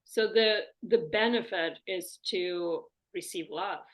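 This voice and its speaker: A woman's voice: fairly low pitch, takes it slowly, fairly bright tone. Reflective woman hosting an interview. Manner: reflective, thinks aloud with fillers. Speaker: podcast host. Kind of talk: conversational interview.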